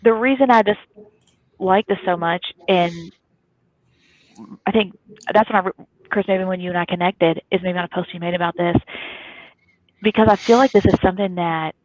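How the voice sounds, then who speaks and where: A woman from Kentucky, telling a story in a lively, chatty way as a guest on a live talk show. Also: lowish voice, moderate pace, pauses often, dry recording. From Kentucky, USA. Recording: dry, phone-like thin audio.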